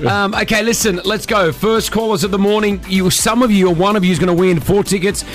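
Quick jokey guy hosting morning radio, fairly high voice, music under him. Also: fairly even intonation. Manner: upbeat, jokey, fast-talking. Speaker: radio host. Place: radio studio. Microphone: studio mic.

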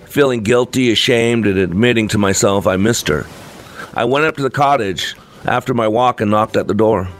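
Earnest male narrator reading a first-person tale, lowish pitch, faint music bed. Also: normal speed. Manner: reflective, earnest storytelling.

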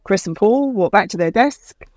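A middle-aged woman TV producer telling stories in an interview, animated and laughing as she acts out what others said. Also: mid-range voice, moderate pace, dry recording. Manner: animated anecdotes with laughter and acted-out quotes. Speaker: TV producer guest. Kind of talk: podcast interview storytelling.

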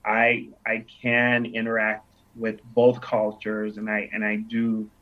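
A man's voice: on the low side, monotone, slow. Reflective man from Nigeria, muffled audio. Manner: reflective storyteller who acts out quoted dialogue. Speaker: interview guest. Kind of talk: casual interview conversation. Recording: dull lo-fi sound.

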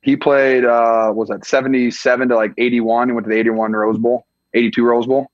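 A man's voice: medium pitch, level tone, brisk, dry recording, dull audio. A young man from the US Midwest, a football player chatting as a guest, laid-back and full of filler words. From Iowa, US Midwest. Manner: laid-back, peppered with "like" and "dude". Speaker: podcast guest, tight end. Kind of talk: casual chat.

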